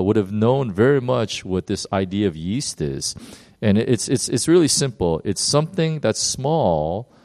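A man gives a sermon in a fairly low voice, and his pace speeds up and slows down as he goes. He stops and restarts often and acts out quoted lines with sudden jumps in pitch. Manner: animated, uneven pace with many fillers and restarts. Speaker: pastor.

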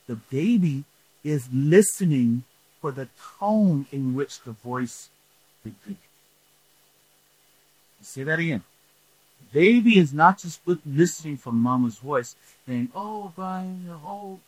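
Slow, husky-voiced male preacher. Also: a little high, a little mellow, dry recording, poor audio. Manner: repeats points, asks the room "right?". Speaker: pastor. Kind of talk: sermon.

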